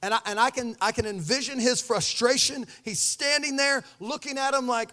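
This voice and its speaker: A pastor preaching a sermon, telling the story with animated energy and acting out the voices. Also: male voice, extremely high pitch, normal speed.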